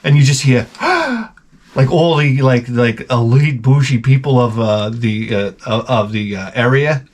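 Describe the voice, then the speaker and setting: A man vlogging as he opens fan packages, talking in a rambling, excitable way and swearing freely. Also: medium pitch, a little slow. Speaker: vlogger opening fan mail. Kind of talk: casual unboxing chat. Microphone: camera mic.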